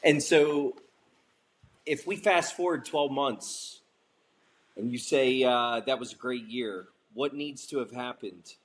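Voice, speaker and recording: Male host, unhurried, mid-pitched, measured questions. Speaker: podcast host. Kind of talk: interview questions.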